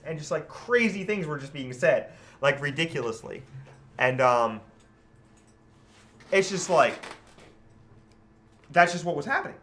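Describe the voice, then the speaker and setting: Man, podcast co-host, casual chat, rambling, bright tone. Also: a little high, expressive, unhurried, long pauses. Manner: rambling, laughs often, many fillers.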